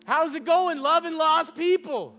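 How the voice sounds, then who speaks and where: A man voicing a gentle divine spirit, soft-spoken and reassuring, inside a sermon. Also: very high-pitched, measured pace, heavily acted.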